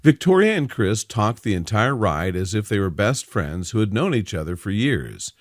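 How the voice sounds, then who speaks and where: Lively male story narrator. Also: fairly low pitch, normal speed, no room sound, studio quality.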